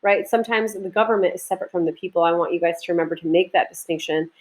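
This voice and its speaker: A woman's voice: lowish voice, level tone, very fast, low-quality recording. A woman from Iraq giving a recorded history lecture, talking in a loose conversational way with restarts and asides to her students. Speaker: teacher.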